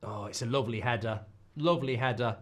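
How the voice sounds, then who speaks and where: A man hosting a live football watchalong, reacting loudly to goals and swearing freely. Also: mid-range voice, fast talker. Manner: excitable, swears, shouts at goals. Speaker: watchalong host.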